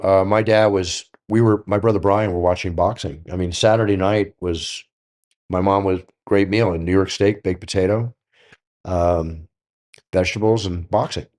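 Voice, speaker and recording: An older man telling stories on a podcast in a casual, animated way, acting out the dialogue. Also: low-pitched. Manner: animated, acts out quoted dialogue. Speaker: guest storyteller.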